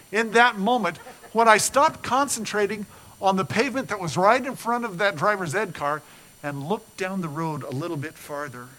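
An older man, preaching as a pastor, weaves an earnest story into his sermon, getting animated before going soft and low. A little hiss or hum sits under the poor audio.

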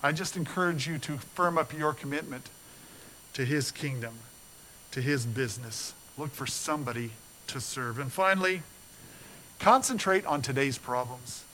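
An older man preaching an earnest, storytelling sermon as a pastor, building up animated and then dropping low and soft. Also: moderate pace, slight background noise, low-quality recording.

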